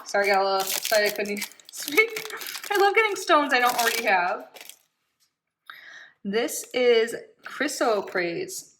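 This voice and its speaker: A woman's voice: fairly high pitch, expressive, measured pace, pauses often, background noise. A woman doing a casual unboxing vlog, bubbly and gushing, with frequent giggles, in a small room at home. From Florida. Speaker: unboxing vlogger.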